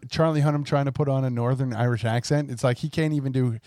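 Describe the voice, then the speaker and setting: A man's voice: mid-range voice, steady tone, fast talker, mellow, no echo, studio quality. A man co-hosting a casual podcast, chatting in an easygoing, agreeable way. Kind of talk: casual chat.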